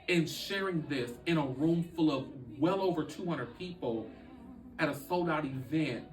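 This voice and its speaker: A man recounts a painful personal story in an earnest, halting way, often restarting his sentences. He sounds set back from the mic, in a roomy space. Music plays clearly behind him. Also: a little high, recorded from a distance. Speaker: podcast guest.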